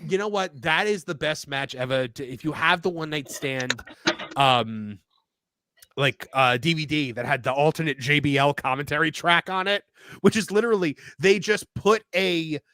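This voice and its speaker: A man co-hosting a comedic wrestling podcast, excitable and laughing often, with lots of restarts. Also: a little high, unhurried, no echo, clean studio sound. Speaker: podcast co-host. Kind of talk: casual comedic wrestling chat.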